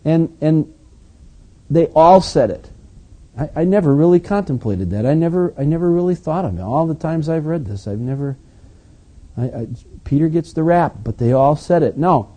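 A male pastor delivering an animated, emphatic sermon with conversational asides. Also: a little high, moderate pace.

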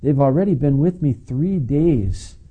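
Husky, dark-voiced man preaching. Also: fairly high pitch, expressive, measured pace, lo-fi sound. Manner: conversational, asides to the congregation. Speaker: pastor. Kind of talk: sermon teaching.

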